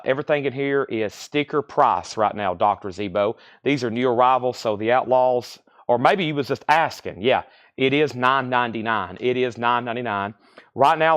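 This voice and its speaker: A man hosting a live online record sale. He lists titles, grades and prices briskly, greets bidders by name and chats casually with viewers. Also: medium pitch. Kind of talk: live-stream sales patter.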